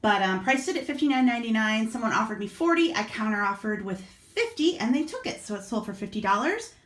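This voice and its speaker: A woman's voice: on the high side, big pitch swings, brisk. A middle-aged woman from Iowa, talking casually and frankly through her online resale sales at home. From Iowa, USA. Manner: chatty, frank, matter-of-fact about prices. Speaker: online reseller vlogger. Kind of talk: casual vlog narration.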